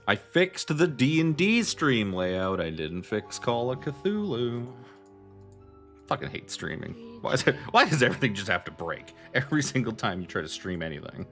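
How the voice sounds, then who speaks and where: Deep-voiced man in joking chat. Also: big pitch swings, fairly quick, few pauses, a bit bright, soft background music. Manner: swearing, joking. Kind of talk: casual chat among players.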